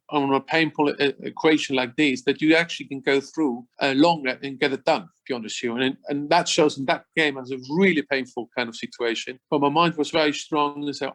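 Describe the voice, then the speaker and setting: A middle-aged man, chatting as an interview guest, enthusiastic and repeating words as he goes. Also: a little high. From Switzerland. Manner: enthusiastic, repeats words, non-native phrasing. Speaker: former footballer guest. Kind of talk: casual interview chat.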